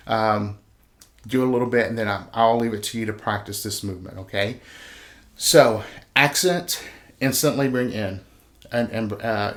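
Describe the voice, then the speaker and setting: A man's voice: medium pitch, fairly bright tone. A man teaching conducting cues and accents in a video lesson, counting beats aloud as he demonstrates the motions and talking casually. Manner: encouraging, casual teacher talk with fillers. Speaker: band director teaching conducting.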